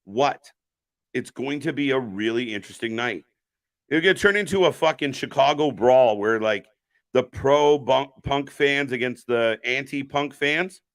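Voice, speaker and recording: A man with a medium-pitched, slightly slow voice hosts a live watch-party stream, reacting to wrestling. His commentary is loose, rambling, and jokey, full of profanity, and he keeps chatting with viewers and answering the chat.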